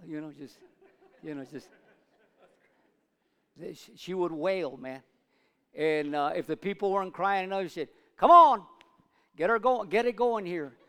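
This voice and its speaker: A male preacher delivering a sermon, swinging between loud urging and low asides and calling for amens from the congregation. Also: clear, resonant tone. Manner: call-and-response with congregation. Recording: long reverb of a large hall.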